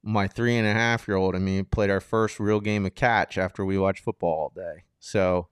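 A man's voice: low-pitched, fairly even intonation, normal speed, clear, resonant tone, no echo, clean studio sound. A man in his thirties co-hosting a podcast in a casual chat, easygoing and laid-back. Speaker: podcast co-host.

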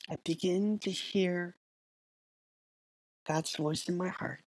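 Slow, soft-spoken woman podcaster. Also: fairly low pitch, fairly even intonation, no room sound. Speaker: podcast host. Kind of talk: reflective personal monologue.

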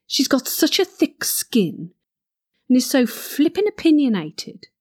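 A woman's voice: high voice, very animated, unhurried, a little mellow, slightly rough, exaggerated voice. A woman playing a flirty gossip. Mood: chatty. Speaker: comic monologue character. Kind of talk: comic character monologue.

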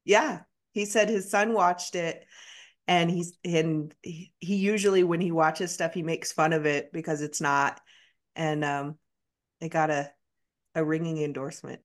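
A woman in a casual podcast discussion, telling a story in a chatty, animated way. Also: sits low, measured pace.

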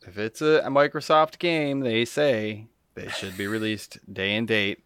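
Male podcast co-host, low smooth voice, rambling rant, dry close mic. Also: steady tone, measured pace, a bit bright, dry recording. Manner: rambling, ranting. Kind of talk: casual chat.

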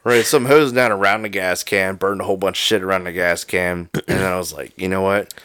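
A man's voice: deep voice, fast talker, clear, resonant tone, no room sound, clean studio sound. A man chatting casually at home over whiskey, telling a story with lots of swearing. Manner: profane, animated storyteller. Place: home, drinking whiskey with a friend.

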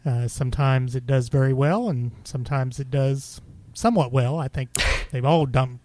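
A man's voice: medium pitch, fairly even intonation, moderate pace, darkish tone. A man co-hosting a casual podcast, easygoing as he explains how the show works. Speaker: podcast co-host, moderator. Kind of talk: casual chat.

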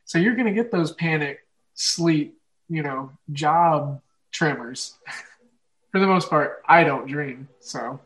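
A man's voice: fairly high pitch, slow pace, fairly bright tone, rough recording. A young man with an Oklahoma Midwestern accent hosts a casual podcast chat, rambling with lots of fillers and frequent laughs. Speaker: podcast host.

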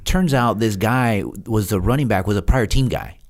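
A man's voice: fairly low pitch, normal speed. A man, a podcast guest, telling a story in casual chat and acting out the other people's lines. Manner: animated, acts out quoted dialogue with laughs. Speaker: podcast guest, retired Navy SEAL.

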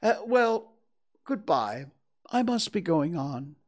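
A man voicing a slow, simple-minded bear who loves honey, drawing his words out hesitantly and starting with little "uh" sounds. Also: high-pitched, sing-song, voice pushed up, exaggerated voice.

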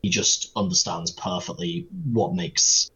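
A man's voice: deep voice, little pitch movement, unhurried, pushed and bright, husky, low-quality recording. A British man guesting on a podcast in casual interview chat, with a dry, wry humour.

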